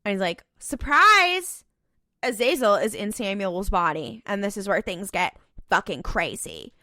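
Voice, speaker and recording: Bright-voiced woman recapping animatedly. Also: mid-range voice, no echo, studio quality. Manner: animated storytelling, quoting characters in quick asides. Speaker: podcast co-host. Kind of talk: casual recap chat.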